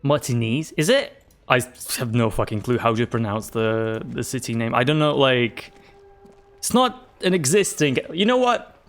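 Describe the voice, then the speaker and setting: A man in casual let's-play chat, rambling and halting as he talks through a game. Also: medium pitch, lively intonation. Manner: rambling, halting, swears and laughs a lot. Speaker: gamer playing with friends.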